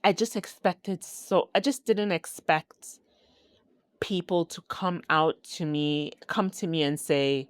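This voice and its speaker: A woman from Ghana hosting her own podcast, talking in a slow, heartfelt, reflective way. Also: fairly low pitch, no room sound. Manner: slow, heartfelt, with sighs and laughs. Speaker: podcast host. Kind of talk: reflective solo podcast talk.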